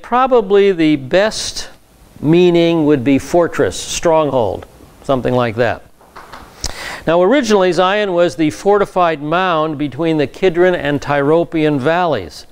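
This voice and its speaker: A man's voice: on the high side, clean tone. A man, a pastor, teaching a Bible class in a conversational lecture style, with frequent fillers and repeated words.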